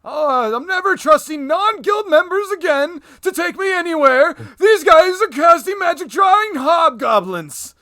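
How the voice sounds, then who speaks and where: A man voicing a grumpy old male villager who complains loudly and indignantly in a tabletop game. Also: extremely high pitch, expressive, pitched above the performer's own voice, exaggerated voice. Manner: loud, indignant, drawn-out complaining.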